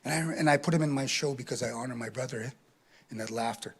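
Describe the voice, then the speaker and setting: A man doing stand-up storytelling at a live venue, animated, ending lines with a questioning "eh". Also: mid-range voice, quick pace, slightly rough. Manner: animated, tag questions with "eh", acts out laughs. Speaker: comedian.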